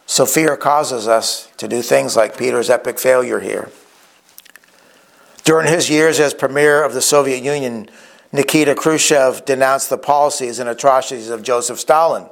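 A man's voice: mid-range voice, normal speed, vocal fry. A man preaching a sermon in an earnest tone, acting out the quoted speakers as he retells scripture stories. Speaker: pastor.

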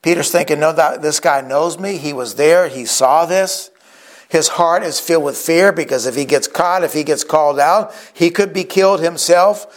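Retelling stories from scripture, a pastor delivers an earnest sermon and voices the quoted speakers himself. His voice is on the high side, at a normal pace.

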